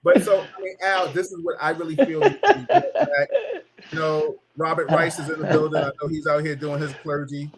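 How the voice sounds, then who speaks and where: A man's voice: on the high side, expressive, a little fast. A middle-aged man hosting a casual talk show, telling stories animatedly, laughing and mimicking people. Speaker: host.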